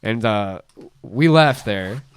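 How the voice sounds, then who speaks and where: A man's voice: lowish voice, takes it slowly, smooth. A man in his late twenties telling a story in casual chat, acting out other people's lines in raised voices. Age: late 20s. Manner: animated storyteller, acts out quotes in raised voices. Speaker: podcast host.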